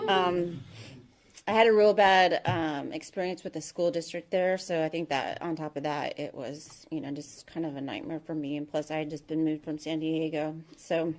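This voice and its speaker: A woman in her thirties with a fairly low voice tells her own recovery story to a meeting. Her talk is frank and halting, with many ums and restarted sentences. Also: a little mellow. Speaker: AA meeting speaker.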